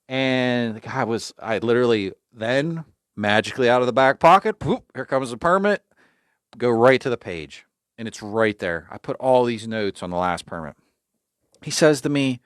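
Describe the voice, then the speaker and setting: A man's voice: medium pitch, moderate pace, no echo, clean studio sound. A man hosting an outdoors podcast, telling a long story and acting out the other people's lines with sarcasm. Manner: animated storyteller acting out quoted exchanges, sarcastic. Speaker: podcast host. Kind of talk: storytelling, recounting a dispute.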